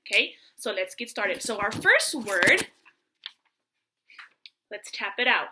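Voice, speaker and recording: A woman teaching a remote phonics and reading lesson, speaking slowly and patiently and spelling out sounds for young children. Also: medium pitch, big pitch swings, background noise.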